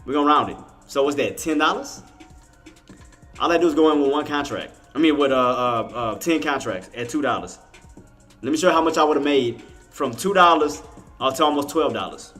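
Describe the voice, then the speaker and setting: Bright-voiced exasperated man talking to chat. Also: on the high side, animated, brisk, faint music behind. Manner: exasperated, swears, talks straight to chat. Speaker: day trader streaming to viewers. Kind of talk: live trading commentary.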